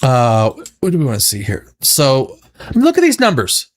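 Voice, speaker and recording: A man's voice: medium pitch, wildly swooping pitch, normal speed. A man hosting a casual pop-culture commentary show, rambling with stammered restarts and breaking into profane rants. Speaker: show host.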